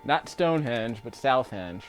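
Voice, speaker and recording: Faint music sits behind this YouTube commentator's casual let's-play talk as he plays a video game. His medium-pitched voice is expressive and measured in pace, and he keeps chuckling between his rambling remarks.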